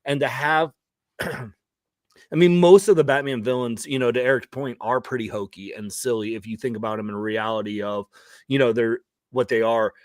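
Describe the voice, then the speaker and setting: A man's voice: mid-range voice, steady tone, moderate pace, dry recording, clean studio sound. A man on a discussion panel, talking in a rambling way full of fillers. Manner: rambling, lots of "like" and "you know". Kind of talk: casual panel chat.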